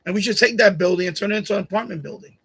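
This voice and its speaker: A man's voice: high-pitched, very fast, creaky, a bit bright, slightly rough, poor audio. A man hosting a live stream, chatting casually and bluntly with his chat, repeating himself and laughing at comments. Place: home streaming setup. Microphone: USB condenser mic on boom arm.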